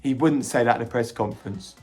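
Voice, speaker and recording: A man hosting a podcast, retelling a film with animated energy, jumping into quick character quotes and stumbling over restarts now and then. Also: mid-range voice, soft background music. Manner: occasional stammering restarts. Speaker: podcast host reviewing a film. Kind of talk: casual film reaction recap.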